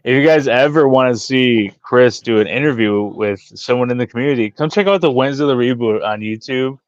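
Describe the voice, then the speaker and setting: An excitable man co-hosting a relaxed group chat over an online call, joking and trailing off with fillers. His voice sits at a middling pitch and comes through dry and a little muffled, as if over headphones. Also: a little fast, no room sound. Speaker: podcast co-host. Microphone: headphones with mic.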